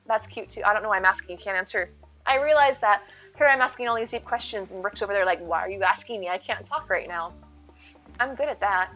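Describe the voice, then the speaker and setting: A woman's voice: a little high, fairly bright tone. A woman live streaming a game, chatting casually and bubbly with her viewers and thanking them often. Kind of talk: casual chat while gaming. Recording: slightly dull sound with faint music.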